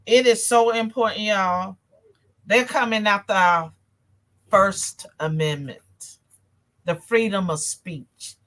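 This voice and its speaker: A woman from North Carolina hosts a casual talk show, her country twang coming through. She speaks slowly and deliberately, with a bright, forceful tone, and calls out to her audience with y'all. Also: mid-range voice. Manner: chatty, addresses viewers as y'all, reads comments. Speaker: show host. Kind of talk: casual political talk livestream.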